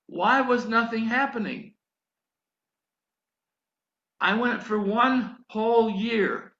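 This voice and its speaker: An older man preaches a sermon in a high, gravelly voice. He tells his story in an animated way and builds to emphatic pleading. The recording is dull and echoes around a hall. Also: slow pace, long pauses.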